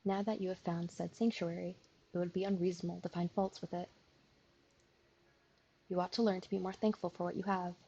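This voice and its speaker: A sleepy woman streamer reading a visual novel aloud, with a gravelly, husky voice. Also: fairly low pitch, little pitch movement, brisk, pauses often, mellow, lo-fi sound. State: sleepy, yawning.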